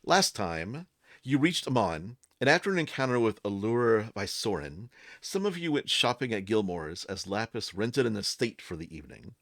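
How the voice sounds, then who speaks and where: A man's voice: on the low side, very animated, normal speed, a bit bright, no echo, studio quality. A man hosting as game master, leading a tabletop game with an upbeat, giggly manner.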